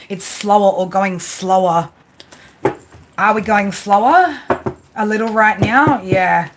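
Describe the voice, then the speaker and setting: A woman's voice: medium pitch, a little hiss or hum. A woman doing live tarot readings, chatty and rambling, often restarting her sentences. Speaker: tarot reader.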